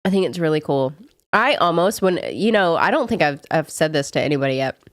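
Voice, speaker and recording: A woman's voice: low-pitched, expressive, fairly quick, dry recording, clean studio sound. A young woman with a Southern US accent, chatting casually with viewers on a live stream in a rambling way while sick. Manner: chatty, rambling with frequent "like" fillers. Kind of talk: casual chat answering viewers.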